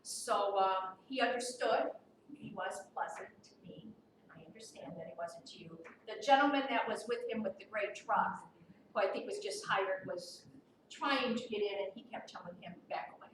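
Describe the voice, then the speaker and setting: A woman's voice: mid-range voice, moderate pace. Firm woman board member, far and echoey. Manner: firm, businesslike, with many ums. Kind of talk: reporting at a board meeting. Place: meeting room. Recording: echoey room from far off, with noise.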